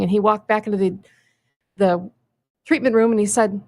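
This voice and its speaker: A woman's voice: mid-range voice, steady tone, normal speed, pauses often, a little mellow. A woman who is a clinic guest on a radio talk show, telling a patient's story in a friendly, anecdotal way. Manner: friendly, anecdotal, with small restarts. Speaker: stem cell clinic guest. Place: radio studio. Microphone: studio microphone.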